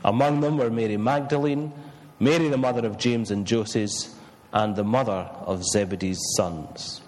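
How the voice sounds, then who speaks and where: A man reading scripture slowly, then preaching a sermon with frequent fillers. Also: on the low side, darkish tone, big-room sound, a little hiss or hum, low-quality recording.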